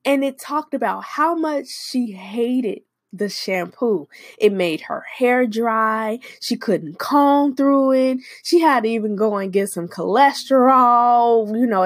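Woman, small-business owner, unhurried expressive storyteller, dry close sound. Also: fairly high pitch, no room sound. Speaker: hair care business owner. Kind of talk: personal storytelling.

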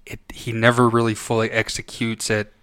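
A man's voice: on the low side, completely flat delivery, normal speed, fairly bright tone, smooth. A man co-hosting a podcast, giving a casual film review in a rambling way, full of restarts and self-corrections. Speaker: podcast co-host.

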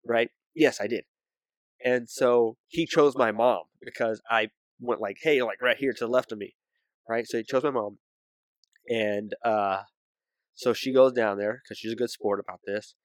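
A man's voice: mid-range voice, steady tone, measured pace, dry recording. A young man co-hosting a podcast, telling a story in a casual, rambling way with many fillers. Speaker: podcast co-host.

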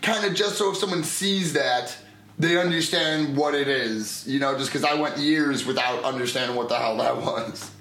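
A man co-hosting a casual chat, animated and quick to laugh, hedging as he explains. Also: mid-range voice, roomy sound, a little hiss or hum. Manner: animated, laughs easily, hedges a lot. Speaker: podcast co-host. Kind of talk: casual chat about Spanish language.

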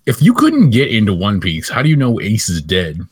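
Deep-voiced man in teasing podcast banter. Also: huge pitch swings, fairly quick, husky, no room sound, studio quality. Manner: teasing, mock-announcer quips. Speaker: podcast co-host.

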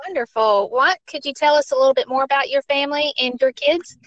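A woman's voice: sits high, brisk, a bit bright, dry recording, muffled recording. A woman hosting a podcast, reading a set intro and then interviewing a guest in an upbeat way. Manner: upbeat, says wonderful often. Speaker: podcast host.

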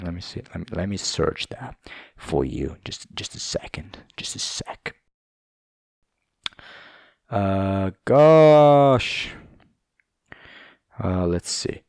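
A man's voice: low-pitched, creaky, darkish tone, no room sound, clean studio sound. A young man speaking English, hosting a casual, rambling solo podcast chat, swearing and laughing as he wanders between topics. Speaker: podcast host.

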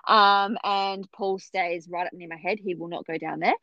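A woman, telling a story in a chatty, animated way and acting out what others said. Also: mid-range voice, normal speed, no room sound. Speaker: podcast guest telling her birth story. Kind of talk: casual storytelling. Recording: dull, muffled sound.

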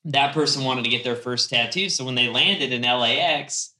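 A man's voice: medium pitch, normal speed, bright, forceful tone, echoey room, poor audio. A man co-hosting a casual podcast, telling a story in a laid-back way and saying "dude" a lot. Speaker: podcast co-host, tattooer. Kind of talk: casual chat.

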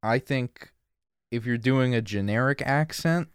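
A man's voice: medium pitch, a little slow, smooth, no room sound. A man co-hosting a movie podcast, talking in a laid-back, dry way and swearing casually. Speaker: podcast co-host. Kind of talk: casual movie review chat.

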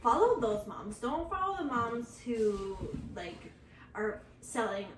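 A woman's voice: on the high side, very animated, slow pace. A young woman and mother chatting casually and confidingly, with many fillers. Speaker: mom and podcast co-host. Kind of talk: casual chat. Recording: echoey room, far from mic, faint hiss.

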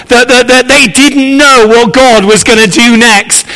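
A man's voice: very high voice, normal speed, hardly any pauses, pushed and bright. A man preaching as a visiting speaker, earnest and encouraging, repeating his key phrases. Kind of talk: sermon. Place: church sanctuary. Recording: echoey church hall.

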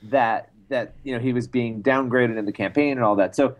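A man co-hosting a podcast in casual chat, telling wry, animated anecdotes and giving opinions. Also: mid-range voice, normal speed. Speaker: podcast co-host.

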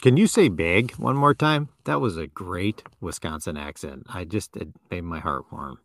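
A man's voice: sits low, lively intonation, normal speed, gravelly, no echo, studio quality. A man co-hosting a podcast, chatting casually, joking and laughing often, with many fillers. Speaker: podcast co-host. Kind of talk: casual chat.

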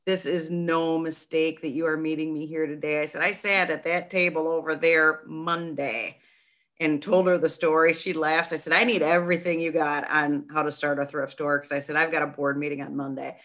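A middle-aged woman, a guest in a casual interview, spinning a long anecdote. Her voice sits a little low but sounds bright and forward. She talks in an animated way, doubling back on her words as the story builds. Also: normal speed. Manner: chatty, animated storyteller with many restarts. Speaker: nonprofit founder, guest.

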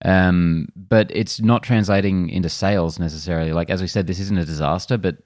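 A man's voice: low voice, fairly even intonation, fairly quick, a little mellow, no echo. A man presenting film news on a studio podcast in an easygoing, chatty way. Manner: easygoing, laughs readily, reads out headlines. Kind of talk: casual film news chat.

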